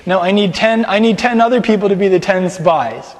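High-voiced man teaching a Bible class in a hall. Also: brisk. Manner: lively, directs the group, explains scripture casually. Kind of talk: sermon with a class skit.

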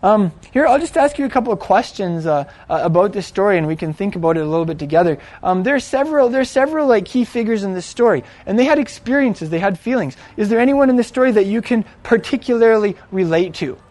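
A man with a high voice retells an old story as if talking to friends. He speaks loosely, full of fillers and restarts, and gives the characters' lines a little voice of their own. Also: lively intonation, quick pace, hardly any pauses, a little mellow. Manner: conversational, filler-heavy, acts out quoted lines. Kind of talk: casual retelling of a Bible story.

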